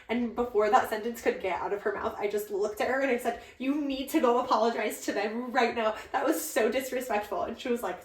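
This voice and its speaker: A woman's voice: a little high, fast talker, hardly any pauses. A young woman co-hosting a podcast, animatedly telling a story in casual chat and acting out what others said. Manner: animated storyteller acting out quoted voices, chatty. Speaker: podcast co-host, the bride. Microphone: podcast microphone. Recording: roomy, distant mic.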